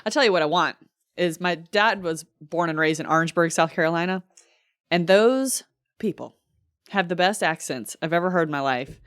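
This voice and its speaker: A woman's voice: on the low side, moderate pace, a bit bright, dry recording. A woman co-hosting a podcast in casual chat, teasing and cutting in playfully. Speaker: podcast co-host.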